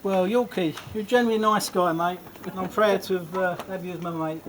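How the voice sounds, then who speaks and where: High-voiced man, best man speech, jokey and rambling, loud background noise. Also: fairly even intonation, fairly quick. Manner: jokey, rambling, often laughing. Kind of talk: wedding speech. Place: wedding reception.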